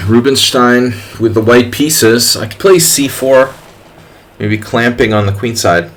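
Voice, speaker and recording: A chess streamer plays his online games while narrating to viewers in a slow, mid-range, fairly bright voice. His commentary is casual and jokey, full of playful jabs at his opponents.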